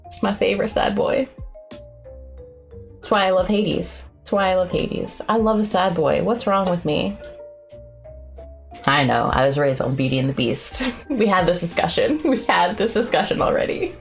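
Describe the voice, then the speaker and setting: Gushing, excitable woman with a lowish voice. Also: measured pace, gravelly, pauses often, soft background music. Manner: effusive and excitable, gushing with sudden high squeals. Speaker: artist streaming a co-working session. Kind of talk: casual livestream chat.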